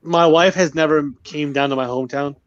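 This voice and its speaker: A man telling a rambling story to friends in casual chat, relaxed and swearing freely. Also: a little high, fairly quick, no echo. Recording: dull lo-fi, dry sound.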